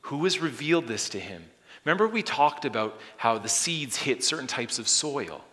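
A man preaching a sermon, swinging from loud exclamations to hushed whispers. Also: medium pitch, sing-song, moderate pace. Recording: long hall reverb.

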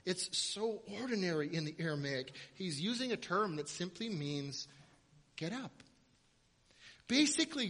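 Male pastor, high and bright, animated sermon delivery. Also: echoey room, long reverb tail. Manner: animated storytelling preacher, builds to loud emphatic runs.

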